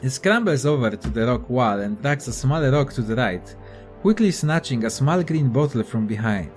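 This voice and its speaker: A man's voice: medium pitch, animated, normal speed, soft background music. A young man casually commenting on a video game and reading its text aloud, offhand and profane. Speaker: let's play gamer.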